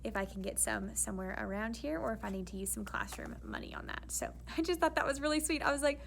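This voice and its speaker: A woman's voice: fairly high pitch, big pitch swings, quick pace, vocal fry, a little hiss or hum. A young woman, an elementary school teacher talking in a casual, chatty vlog and laughing often.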